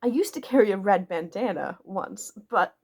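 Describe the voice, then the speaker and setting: A woman's voice: mid-range voice, animated, normal speed, creaky, darkish tone. A woman voicing an embarrassed, overly polite Englishman who stammers. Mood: flustered.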